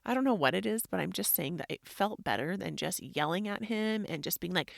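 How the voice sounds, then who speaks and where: A woman's voice: mid-range voice, sing-song, brisk, creaky, few pauses, no room sound, clean studio sound. A woman in her thirties, a mother talking through her parenting struggles, chatty and reflective, filling her talk with "like" and acting out what people said. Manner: chatty, frequent "like", acts out quotes. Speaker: podcast host. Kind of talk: personal reflective monologue.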